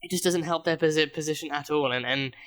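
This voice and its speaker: A man with a slightly high, quick, somewhat bright voice reviews a TV episode casually. He rambles as he thinks out loud, frequently stumbling, restarting, and stammering over repeated words.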